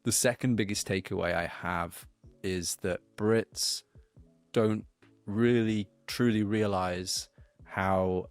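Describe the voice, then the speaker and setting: A man's voice: lowish voice, steady tone, takes it slowly, no room sound, faint music behind. A man from the United Kingdom, a podcast guest, explaining his views through playful metaphors and stories. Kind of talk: conversational podcast interview.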